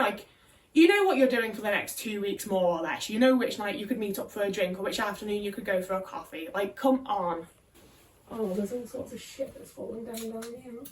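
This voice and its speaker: A young woman talking casually to her viewers while she packs, rambling, swearing and anxious, often trailing off and restarting. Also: medium pitch. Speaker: vlogger. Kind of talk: casual body-doubling chat while packing. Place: home room, packing boxes. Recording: distant mic with faint noise.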